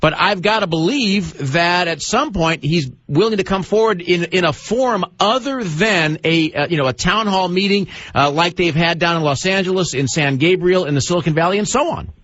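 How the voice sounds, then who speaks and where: A man's voice: sits high, normal speed, few pauses, a bit bright, no echo. A man hosting a radio talk show, pressing his guest with long, emphatic, multi-part questions over dull lo-fi broadcast audio. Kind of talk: pointed radio interview questioning.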